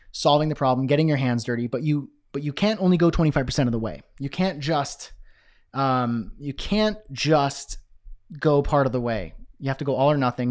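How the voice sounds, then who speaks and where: A man teaching a business class on a livestream, talking in an energetic, conversational way. He answers chat questions and checks in with the audience often. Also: mid-range voice. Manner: energetic, conversational, frequent "okay?" check-ins. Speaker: business coach.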